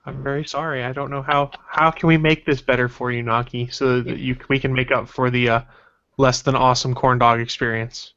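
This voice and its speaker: A man's voice: mid-range voice, little pitch movement, brisk, a bit bright, clear, resonant tone. Rambling man hosting a nerdy podcast. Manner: rambling, self-conscious, chuckling. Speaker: podcast host. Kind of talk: casual podcast chat. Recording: dull lo-fi podcast audio.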